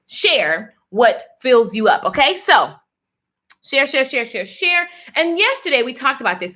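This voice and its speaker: A woman hosts a motivational livestream, talking animatedly in a preachy tone and calling her viewers "darling." Her voice sits high and has a sharp edge.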